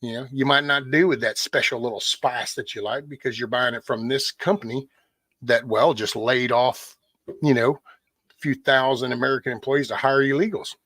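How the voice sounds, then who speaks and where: A man's voice: medium pitch, fairly even intonation, normal speed, a bit bright, no echo. A man hosting a casual livestream, ranting bluntly with lots of swearing and answering viewers' chat by name. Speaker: livestream host.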